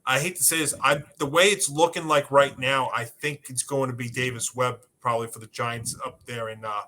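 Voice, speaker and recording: A man's voice: medium pitch, steady tone, a little fast, bright, forceful tone. A man co-hosting a sports podcast, casually breaking down injuries and betting picks with many fillers.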